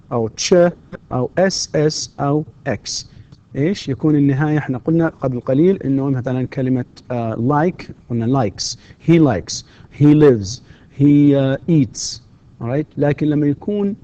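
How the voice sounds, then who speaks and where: A man's voice: medium pitch, mellow, muffled recording. A man teaching an English grammar lesson, mixing in explanations and acting out questions with strongly rising intonation, full of fillers. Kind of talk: recorded distance-learning grammar lecture.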